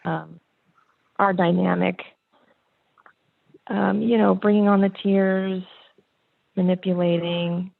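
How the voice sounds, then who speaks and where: A woman's voice: mid-range voice, flat delivery, takes it slowly, gravelly, pauses often, no room sound. A woman calling in as a mother, talking hesitantly with fillers and laughing often. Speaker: caller, mother. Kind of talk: call-in conversation. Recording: tinny phone-like line.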